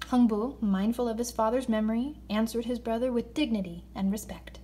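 A woman reading a children's story aloud in an expressive voice, slowing down for emphasis. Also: a little high. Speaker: narrator.

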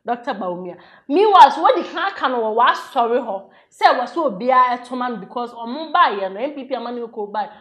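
A woman's voice: on the high side, expressive, quick pace, a bit bright, roomy sound. A Ghanaian woman with a Ghanaian accent, hosting a casual political chat and answering with short affirmations.

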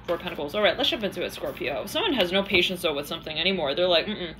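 A woman's voice: on the low side, lively intonation, rapid-fire, a bit bright, slight background noise. A woman giving a channeled tarot reading, rambling in a stream-of-consciousness way and acting out the voices she quotes. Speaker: tarot reader.

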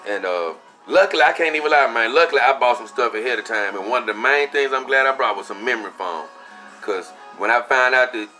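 A young man casually telling a story for his vlog, animated and profane, acting out what he said at the time. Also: fairly low pitch. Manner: animated, profane, acts out his own quotes. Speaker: vlogger.

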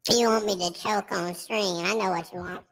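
A man's voice: sits high, fairly even intonation, moderate pace, fairly bright tone, voice pushed up. A man talking through a voice filter as a brash, slangy streetwise eater, hyping up his food during a mukbang stream. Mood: eating. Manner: swaggering, slangy hype talk while eating.

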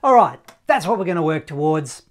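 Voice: mid-range voice, sing-song, a little fast. Laid-back saxophone teacher scatting rhythms. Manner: casual, encouraging, scats rhythms and counts in. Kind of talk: online music lesson.

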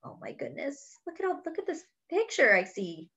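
Bright, expressive woman reading to children. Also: high voice, moderate pace, muffled recording. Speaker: children's story reader. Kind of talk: read-aloud storytelling.

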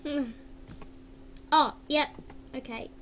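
A woman's voice: sits high, fairly even intonation, slow, fairly bright tone, a little hiss or hum. A woman vlogging casually at her computer, exclaiming, giggling and humming along, recorded through a webcam mic. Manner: giggly, exclaims often, hums and sings along.

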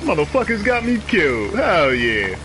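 A man's voice: high-pitched, moderate pace, music in the background, low-quality recording. A man streaming a game, trash-talking in loose, profane commentary. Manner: profane, animated trash talk. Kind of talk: live gameplay commentary.

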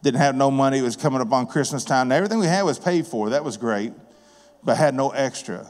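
Speaking fast in a mid-range, darkish voice, a man preaches a conversational, plain-spoken sermon in a church sanctuary with long reverb. He illustrates it with personal stories drawn from being a contractor and business owner.

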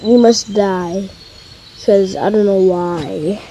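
Lady doing a slow grumbly bad guy, flat creepy threats. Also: mid-range voice, breathy edge, voice pushed down, rough recording. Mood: menacing. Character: menacing future-self villain, slow and grim.

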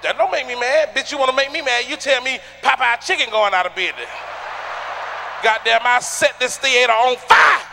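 A man doing a stand-up comedy routine on a theater stage, loud and boisterous, acting out people with shouts and sounds. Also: extremely high pitch, normal speed, creaky, slight background noise.

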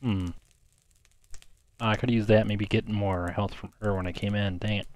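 A man's voice: on the low side, fairly even intonation, normal speed, darkish tone, dry recording. A man giving casual let's-play commentary, muttering his menu choices half to himself. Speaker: gaming commentator.

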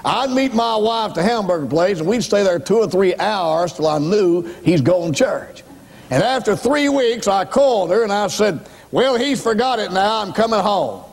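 Here a male evangelist, his voice sitting high and darkish, gives an expressive testimony at a moderate pace in a large hall. Dramatic and emphatic, he acts out voices in his story and speaks directly to the congregation.

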